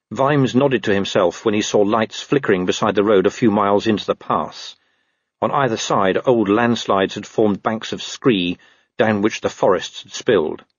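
A man narrating a comic fantasy novel in a wry, lively storytelling manner. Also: lowish voice, slightly rough, no room sound, lo-fi sound. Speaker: audiobook narrator.

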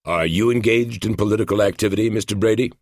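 A man's voice: fairly low pitch, quick pace, a little mellow, no room sound, clean studio sound, pitched above the performer's own voice. A man reading as a stern middle-aged male federal agent who talks in a formal, lecturing way. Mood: officious.

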